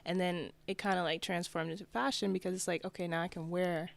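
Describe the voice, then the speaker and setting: A young woman from New Jersey, a fashion designer guest, chatting in a relaxed, laid-back way. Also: fairly low pitch, a little fast, gravelly. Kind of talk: casual interview.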